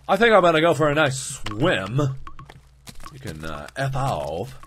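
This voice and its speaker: A man's voice: medium pitch, huge pitch swings, measured pace, slight background noise. Jumpy, yelping man playing a horror game. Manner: jumpy, shouts and yelps at scares, talks to the game. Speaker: let's play gamer. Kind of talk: horror gaming commentary.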